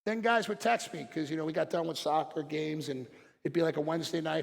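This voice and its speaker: A man's voice: a little high, a little fast, creaky. A man giving a blunt, motivational talk from a stage to fellow practitioners, telling stories and acting out what people said. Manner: blunt, storytelling, acts out quotes. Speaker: seminar speaker. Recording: long hall reverb.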